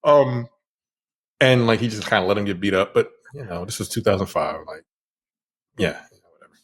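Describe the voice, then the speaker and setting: A man's voice: fairly low pitch, animated, moderate pace, slightly rough. A man in a casual film review chat, telling it emphatically and laughing through his points.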